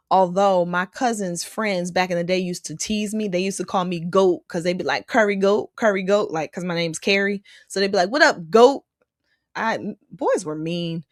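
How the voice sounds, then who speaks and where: A woman's voice: on the low side, a bit bright, no echo. Chatty woman host, close dry mic. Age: adult. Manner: chatty, reads out viewer comments and reacts. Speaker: host reading live chat. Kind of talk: casual live-stream chat.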